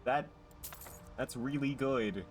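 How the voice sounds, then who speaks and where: A man streaming live gameplay and commenting in an excitable way, swearing and jumping into loud outbursts. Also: mid-range voice, takes it slowly, faint music behind.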